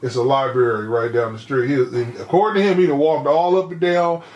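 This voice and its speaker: A man's voice: medium pitch, fairly even intonation, fairly quick, darkish tone, highs cut off. A man in casual podcast chat, telling a story in a wry, amused way. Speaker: podcast co-host. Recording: echoey room.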